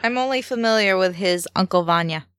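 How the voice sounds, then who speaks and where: A woman co-hosting a casual film chat, teasing, with quick interjections. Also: mid-range voice, fairly bright tone, clear, resonant tone, dry recording, clean studio sound. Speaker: co-host.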